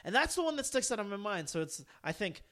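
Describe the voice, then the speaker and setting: A man's voice: high voice, very animated, quick pace, sharp tone. A man co-hosting a beer podcast, talking casually, rambling and laughing as he goes. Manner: rambling, restarts often, laughs while talking. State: has the hiccups. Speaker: podcast co-host. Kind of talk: casual chat.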